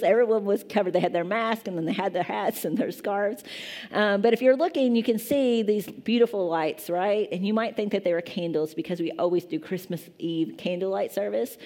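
In a church sanctuary, a pastor in her thirties preaches a sermon in a medium-pitched voice with a dark tone. She keeps it conversational, often putting questions to the congregation.

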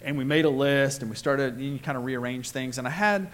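A man as pastor, talking in a reflective, halting way from the pulpit. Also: mid-range voice. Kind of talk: sermon.

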